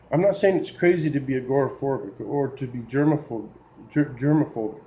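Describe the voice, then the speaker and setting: A man's voice: mid-range voice, moderate pace, dark tone, a little hiss or hum, poor audio. A man talking to camera in an exasperated opinion rant, getting worked up, with restarts and sighs. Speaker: video blogger.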